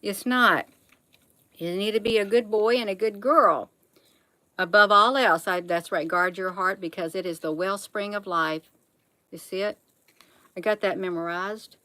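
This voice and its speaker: A woman's voice: mid-range voice, steady tone, unhurried, pauses often, bright, forceful tone, no echo, low-quality recording. A middle-aged woman hosting a casual livestream, reading proverbs aloud and chatting folksily with viewers, calling them honey. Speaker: livestream host.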